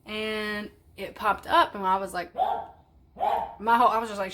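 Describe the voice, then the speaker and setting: A woman's voice: medium pitch, fairly even intonation, normal speed, fairly bright tone. A woman vlogging in casual chat, blunt and chatty, swearing freely. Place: parked car.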